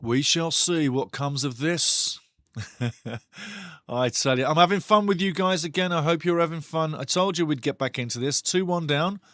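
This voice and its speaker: A man hosting a live football watch-along, commenting on play with excitable, sweary banter aimed at his chat. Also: fairly high pitch, moderate pace, no room sound, clean studio sound.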